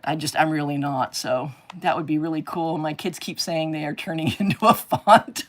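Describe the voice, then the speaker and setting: A woman's voice: low voice, steady tone, moderate pace. A woman hosting a live crafting stream, chatting casually and rambling, often gushing with delighted exclamations. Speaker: craft livestream host.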